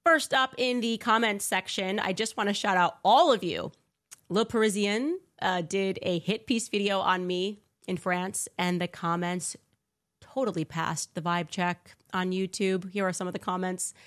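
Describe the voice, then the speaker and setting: A woman's voice: mid-range voice, fairly even intonation, a little slow, a bit bright. A woman hosting a live commentary stream, fired-up and sarcastic, often mocking others in put-on voices. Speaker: show host. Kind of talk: livestream commentary.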